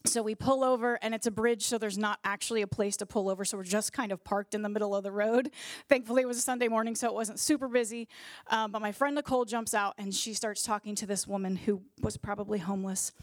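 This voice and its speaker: A woman's voice: mid-range voice, steady tone, fast, no room sound, studio quality. A woman and regular co-host giving a casual personal faith testimony, telling it earnestly and vividly with fillers.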